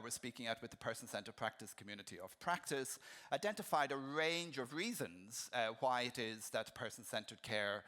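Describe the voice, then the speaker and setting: Middle-aged male keynote speaker with a bright, tense voice; conversational, telling stories with plenty of ums. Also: medium pitch. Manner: conversational, anecdotal, frequent ums and restarts. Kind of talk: conference keynote talk.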